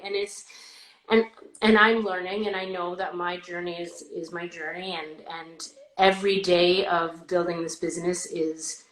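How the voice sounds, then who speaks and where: Candid woman in her thirties, echoey room. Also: medium pitch. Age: 30s. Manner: candid, animated, rambling with restarts. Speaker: podcast host. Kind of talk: casual podcast chat.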